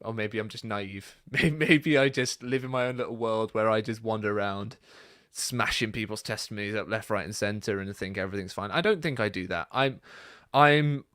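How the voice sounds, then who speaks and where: A man hosting a casual Q&A, reading out viewer comments and chatting about them in a relaxed, rambling way. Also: on the low side, normal speed, hardly any pauses, no room sound, clean studio sound. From Britain. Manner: chatty and relaxed, many fillers and asides. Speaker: YouTube channel host.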